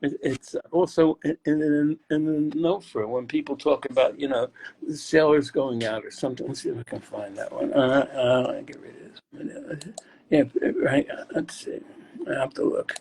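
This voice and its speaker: An older man, a guest poet, chatting casually about poetry in a rambling, halting way as he searches aloud. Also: medium pitch, lively intonation, gravelly, a little mellow, a little hiss or hum. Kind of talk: casual chat explaining poetry.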